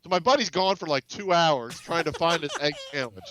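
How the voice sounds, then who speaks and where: A man's voice: a little high, animated, fairly quick, fairly bright tone, low-quality recording. A man, a game studio's CEO, chatting as a podcast guest, rambling with frequent restarts and acting out quoted dialogue. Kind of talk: casual interview storytelling.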